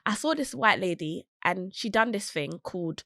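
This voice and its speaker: A young woman chatting as a podcast guest, animated and quick to act out the people she talks about. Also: creaky, dry recording, clean studio sound. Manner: animated, acts out quoted voices with big pitch jumps. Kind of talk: casual chat.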